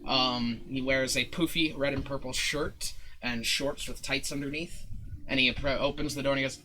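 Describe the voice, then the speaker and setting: A man's voice: mid-range voice, steady tone, normal speed, bright, forceful tone, a little hiss or hum. A man acting as dungeon master, narrating a tabletop game in a casual, rambling way with fillers.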